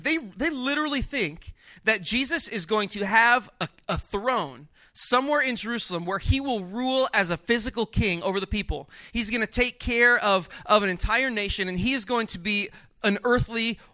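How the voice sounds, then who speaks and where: A man preaching a sermon in a conversational, animated way, often restarting his sentences. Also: sits high, normal speed, dry recording. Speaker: pastor.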